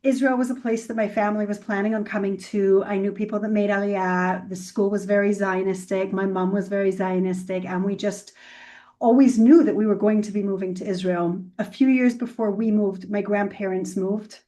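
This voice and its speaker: A woman from Scotland answering interview questions as a guest, relaxed and conversational, with frequent fillers. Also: medium pitch, moderate pace, recorded from a distance. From Glasgow, Scotland. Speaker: guest, financial planner.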